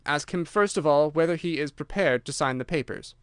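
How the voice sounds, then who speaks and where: A man's voice: a little high, fairly quick, clean tone, no room sound, studio quality, natural voice. A man voicing a sinister, giggling middle-aged kidnapper who speaks in a raised, menacing way. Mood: commanding.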